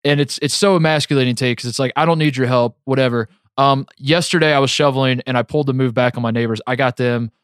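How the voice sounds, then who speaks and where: A man's voice: medium pitch, steady tone, fast, few pauses, no room sound, clean studio sound. A man co-hosting a podcast in casual chat, rambling and self-mocking with frequent restarts. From American Midwest. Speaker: podcast co-host.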